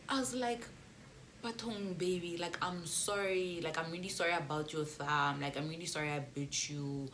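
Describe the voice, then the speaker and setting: A young South African woman telling a storytime vlog, animated and laughing, slipping between English and local slang. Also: on the low side, moderate pace, slight background noise. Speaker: YouTuber.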